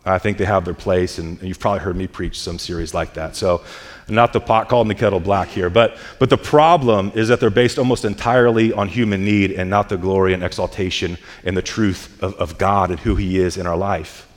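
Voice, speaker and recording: A low-voiced man preaching to his congregation, his words ringing out with a long echo through a church hall. He speaks earnestly, restarting and repeating words as he builds toward loud climaxes. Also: fairly even intonation, a little fast. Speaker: pastor. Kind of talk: sermon.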